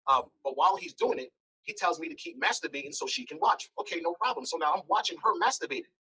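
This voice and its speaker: A man's voice: high-pitched, quick pace, vocal fry, slightly rough, rough recording. A man speaking as an interview guest, telling a blunt, candid story and acting out the dialogue. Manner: blunt, animated, acts out dialogue.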